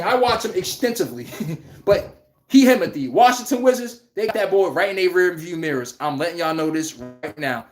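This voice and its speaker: A man hosting a live sports talk stream, talking in a casual, animated, slangy way and reading out chat comments. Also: sits high. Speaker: host. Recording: roomy echo.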